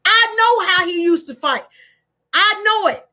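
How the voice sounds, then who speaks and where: High, bright, preachy woman. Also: lively intonation, unhurried. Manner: preachy, emphatic, in Black American vernacular. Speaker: online talk host. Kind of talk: live-stream motivational talk.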